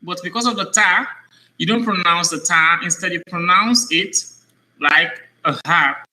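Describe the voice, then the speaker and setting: A male Arabic teacher with a high voice and a very bright, sharp edge to it. He talks patiently and repeats words slowly so a young student can follow. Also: poor audio. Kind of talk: one-on-one language lesson for a child.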